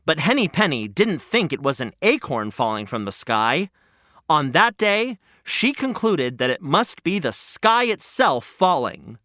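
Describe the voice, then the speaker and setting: Playful kids' storyteller, bright and unhurried. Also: male voice, a little high, very animated, no room sound, clean studio sound. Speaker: storytelling podcast host. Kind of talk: children's story narration.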